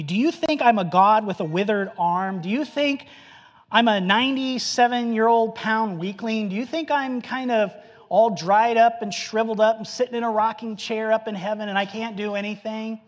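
A man preaching a sermon in an animated storytelling manner, acting out the voices of the people he quotes. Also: high-pitched, normal speed, big-room sound. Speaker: pastor.

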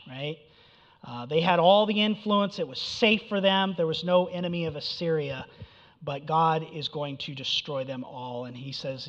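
A man's voice: on the high side, normal speed, a bit bright. A man preaching a sermon in a conversational way, often checking in with "right?" and "okay?". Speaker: pastor. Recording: dull sound with long reverb in a hall.

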